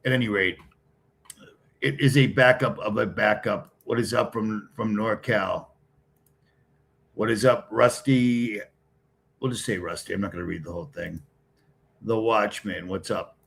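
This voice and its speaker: A man's voice: lowish voice, measured pace, creaky, pauses often, a bit bright, a little hiss or hum. A middle-aged man from the Boston area, hosting a casual live stream, greeting commenters one by one and answering them in a blunt, wisecracking way. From Boston area, New England. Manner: blunt, wisecracking, talks straight to chat.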